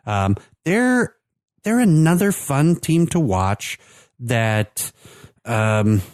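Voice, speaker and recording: A man's voice: mid-range voice, very animated, extremely slow, a little mellow, no room sound, clean studio sound. A man co-hosting a podcast, talking casually about soccer teams with lots of fillers and restarts. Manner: chatty, many fillers and restarts. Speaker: podcast co-host. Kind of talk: casual sports chat.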